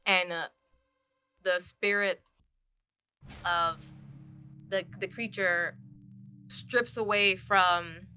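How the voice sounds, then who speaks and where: A woman's voice: fairly low pitch, steady tone, very slow, pauses often, pushed and bright, faint music behind. A woman narrating a tabletop role-playing game as game master, laughing often as she goes.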